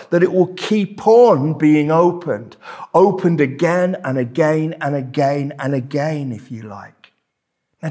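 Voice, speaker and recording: Brief: pastor, husky, fairly high voice, emphatic sermon delivery in a church. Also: male voice, darkish tone. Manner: emphatic, repeats key words.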